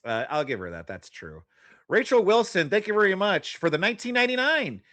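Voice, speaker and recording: A man's voice: sits high, big pitch swings, fairly quick, a bit bright, dry recording. A man streaming and reacting to a clip with sarcastic, mocking commentary. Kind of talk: casual chat.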